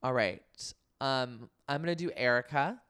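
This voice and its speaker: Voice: medium pitch, moderate pace, fairly bright tone, smooth, no room sound, studio quality. A podcast co-host in casual chat, easygoing and agreeable, sometimes hesitant mid-sentence. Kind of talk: casual chat recapping a reality show.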